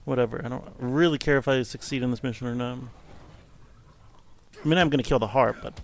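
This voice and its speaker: A man's voice: mid-range voice, fairly quick, creaky. A man casually commenting on his own gameplay, thinking aloud and rambling with a self-amused tone. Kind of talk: casual let's-play commentary.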